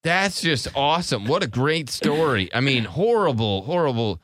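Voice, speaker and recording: A man's voice: mid-range voice, sing-song, normal speed, fairly bright tone, slight background noise. A man hosting a call-in radio show, with joking, teasing banter for his callers. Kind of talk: casual call-in radio talk.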